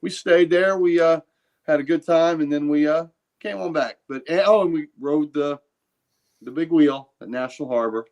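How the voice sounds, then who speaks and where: A man's voice: on the high side, normal speed, a little mellow. A man co-hosting a comic book stream, chatting in an easygoing, rambling way with plenty of fillers. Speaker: co-host. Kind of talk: casual chat.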